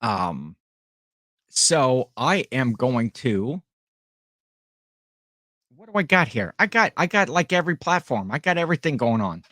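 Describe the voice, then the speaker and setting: A man's voice: mid-range voice, big pitch swings, a little slow, long pauses, pushed and bright, no room sound. Dry-sounding man chatting on a livestream. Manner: rambling, friendly, chatty with viewers. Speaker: livestream host and online reseller. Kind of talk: casual livestream chat.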